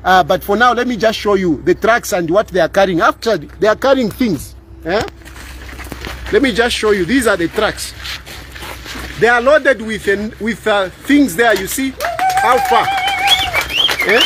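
A middle-aged Zambian-accented lawyer makes an impassioned public appeal to camera, emphatic and repetitive, tagging lines with "eh?" to seek agreement. His voice is high and animated yet unhurried, with long pauses and a fairly bright tone. A little hiss or hum is audible.

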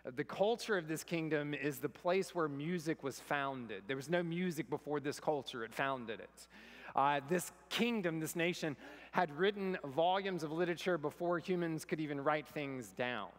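A man's voice: on the high side, normal speed, long reverb tail. An American man preaching a sermon, mixing humorous personal stories with scripture. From United States. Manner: storytelling, self-deprecating humor. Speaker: pastor. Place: church sanctuary.

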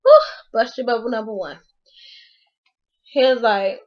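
Excitable woman recapping a show, lo-fi. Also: a little high, unhurried, long pauses. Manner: excitable storytelling, slangy, acts out quotes. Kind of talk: animated reality-show recap.

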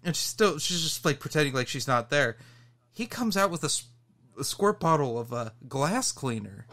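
A man co-hosting a casual podcast, telling an animated story and laughing as he goes. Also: a little high, normal speed. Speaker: podcast co-host.

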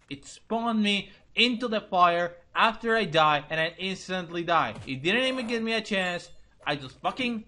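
A man's voice: high-pitched, sharp tone, a little hiss or hum. A young man commentating a let's play, frustrated, swearing, muttering and repeating himself at a hard boss. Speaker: gaming channel host.

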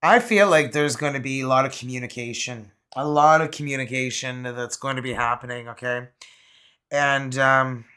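A woman's voice: rumbling low, normal speed, a bit bright, smooth. A Canadian woman giving a casual, rambling tarot reading to camera, with lots of fillers and laughter. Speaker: tarot reader.

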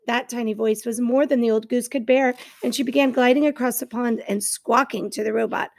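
A woman teacher reading a novel aloud to her class in clear storytelling narration. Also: fairly high pitch, fairly even intonation, a little fast, hardly any pauses, no room sound.

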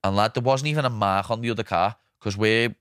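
A young man with a Liverpool accent, hosting a casual podcast chat and telling animated stories, swearing freely and acting out what people said. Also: on the low side, fast talker, smooth, no room sound, studio quality. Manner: animated anecdotes, swears freely, acts out quotes. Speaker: podcast host.

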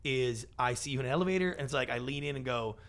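A man being interviewed on a podcast, an animated storyteller who acts out the voices of the people he quotes. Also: mid-range voice, fast. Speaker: guest, pitch expert and TV producer.

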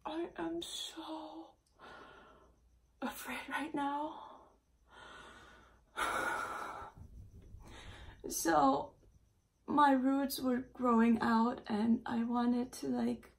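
Woman vlogger, high-pitched, slow-talking, panicky, breathy, close to tears. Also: little pitch movement. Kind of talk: distressed casual vlog to camera. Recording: voice a little far from the mic.

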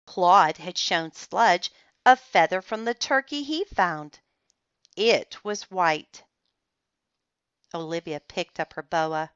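A woman reading a children's chapter book aloud in a slow, careful and expressive manner. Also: lowish voice, smooth, dry recording. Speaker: storybook reader. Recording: slightly dull, muffled recording.

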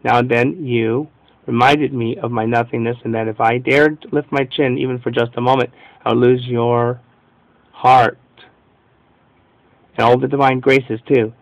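A man's voice: medium pitch, steady tone, a little slow, gravelly, no room sound, poor audio. A man reading the prayer of a humble, devout woman mystic in an earnest, fervent devotional reading.

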